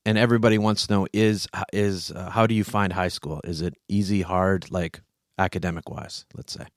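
A man's voice: low-pitched, steady tone, moderate pace, dry recording, clean studio sound. A man hosting a casual online show, chatty and prodding, interviewing a guest. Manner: chatty, prodding, restarts often. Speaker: host.

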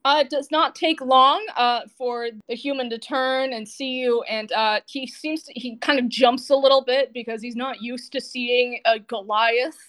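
A woman with a high voice runs a tabletop game as game master. She describes the scene casually, hesitating often with little fillers. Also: steady tone, normal speed, hardly any pauses, a bit bright.

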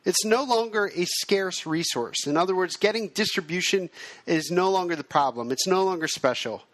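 A male podcast host who explains in an even, self-described monotone delivery. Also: high voice, normal speed, dry recording. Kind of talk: podcast monologue.

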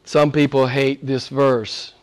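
A pastor with a mid-range, slightly mellow voice speaks slowly and with little pitch movement. During a church service he preaches emphatically, repeating phrases and asking his listeners "right?" to draw their agreement.

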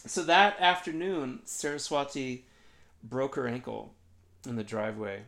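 A man with an average-pitched voice tells a long story in conversation. He is animated and self-mocking, slipping into the voices of the people he quotes. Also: measured pace, creaky. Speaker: guest.

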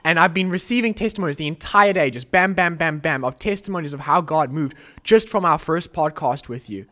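A young man with a fairly high voice tells a faith testimony on a podcast. He speaks earnestly and with animation, acting out the prayers he recalls. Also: brisk. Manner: earnest, animated storytelling, quoting prayers aloud. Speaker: podcast host. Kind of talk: emotional testimony in a casual chat.

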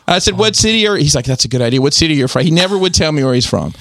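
Laughing, animated man telling a story. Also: fairly high pitch, very fast, few pauses, no echo, clean studio sound. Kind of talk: casual storytelling chat.

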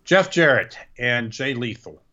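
A man's voice: medium pitch, lively intonation, unhurried, sharp tone, muffled recording. A man co-hosting a casual podcast, dry and grumbling in his asides. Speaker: podcast co-host. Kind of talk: casual wrestling chat.

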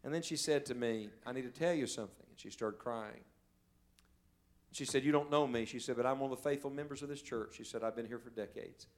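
A male evangelist preaching a sermon in a church service, telling stories and swinging from loud, urgent calls to quiet, hushed moments. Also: mid-range voice, a little fast. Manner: storytelling preacher, swells loud then drops to a hush.

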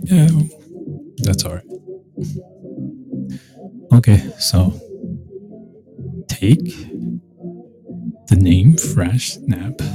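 A man rambles through a casual monologue at an unhurried pace, trailing off and restarting his sentences. His voice sits on the low side, and music plays clearly under him the whole time. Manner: rambling, with many restarts and mock quotes. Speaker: show host. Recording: music playing behind the voice.

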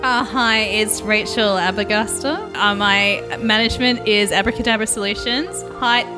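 A woman's voice: mid-range voice, fairly even intonation, normal speed, music in the background, lightly acted. A woman playing a brash, oblivious actress at an audition in a sketch comedy podcast. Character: overconfident auditioning actress with mobster ideas.

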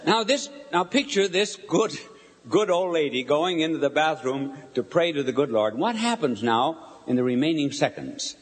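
An older man, a bishop, preaching a sermon to a live audience, telling a story with lively questions to the crowd. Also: a little high, normal speed. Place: large hall before a live audience. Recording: long hall reverb.

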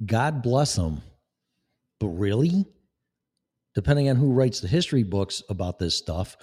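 A man's voice: on the low side, expressive, normal speed, a little mellow, breathy edge. A man delivering a profane, sarcastic political rant as a vlogger. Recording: long echoing reverb.

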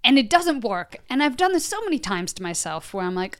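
A woman's voice: mid-range voice, big pitch swings, brisk, no echo. Woman, podcast guest, playful and giggly, dry close mic. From United States. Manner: playful, giggly, sing-song asides. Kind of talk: casual chat. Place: recording studio.

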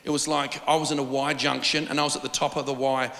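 A man preaching a sermon, telling stories in an animated, rambling way with lots of restarts. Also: mid-range voice, fast, creaky. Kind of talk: sermon with storytelling. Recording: long reverb of a large hall.

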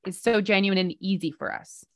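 A woman's voice: medium pitch, steady tone, fairly quick. A woman co-hosting a casual podcast, a mother who tells stories with chatty, sarcastic asides. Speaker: podcast co-host, parent.

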